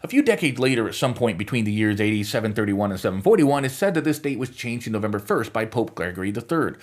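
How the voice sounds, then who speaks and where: A man's voice: lowish voice, expressive, quick pace. A man hosting a podcast, delivering scripted commentary with wry, sarcastic asides. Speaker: podcast host.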